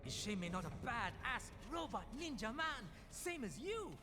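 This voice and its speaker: A cocky street kid with a thick Guyanese accent, his voice sitting very high and leaping all over. He runs on heavy dialect and swagger. The game audio rings with long reverb over loud music. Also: sing-song, moderate pace. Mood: defiant.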